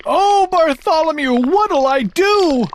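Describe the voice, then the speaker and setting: A woman's voice: extremely high pitch, sing-song, measured pace, noisy background, voice pushed up, full character voice. A woman voicing a panicky, flustered royal trumpeter who wails when he is in trouble. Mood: wailing. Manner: wailing, flustered.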